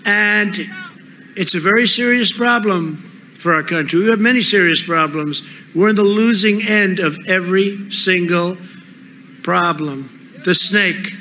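A man giving a rally speech into a podium microphone, emphatic and repetitive, with bursts of shouting. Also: high-pitched, a little slow, slight background noise. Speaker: political speaker. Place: large rally venue.

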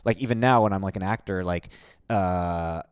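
A man chatting casually as a guest, relaxed and full of fillers. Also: low voice, moderate pace, clear, resonant tone, dry recording, studio quality. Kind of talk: casual podcast chat.

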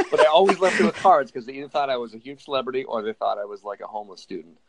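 A man's voice: mid-range voice, fast, gravelly, heavy background noise. A man chatting casually as a guest, telling anecdotes with lots of fillers. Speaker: guest, former mascot. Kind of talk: casual conversation.

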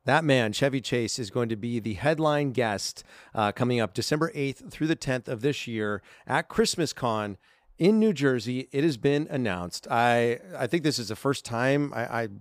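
A man's voice: mid-range voice, animated, moderate pace, no echo, clean studio sound. Chatty upbeat man co-hosting a podcast. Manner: chatty and upbeat, with frequent fillers. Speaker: podcast co-host. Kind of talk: casual chat.

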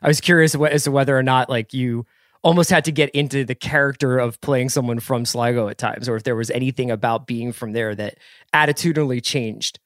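A man's voice: medium pitch, a little fast, dry recording, clean studio sound. An American man co-hosting a podcast, asking long, rambling questions in a casual, jokey way. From United States. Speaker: podcast co-host.

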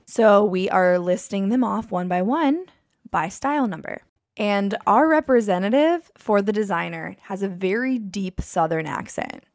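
A woman's voice: mid-range voice, expressive, moderate pace, no echo, studio quality. A woman co-hosting a podcast in a bubbly casual chat, often breaking into laughter. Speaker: podcast co-host.

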